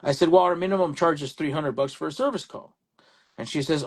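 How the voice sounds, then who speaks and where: An animated man telling a story from his contracting work, slipping into the voices of himself and a customer. His voice sits a little higher than most men's, and the talk is casual and conversational. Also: a little fast. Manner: animated storyteller, acts out phone dialogue. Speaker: electrical contractor guest. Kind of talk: casual livestream chat.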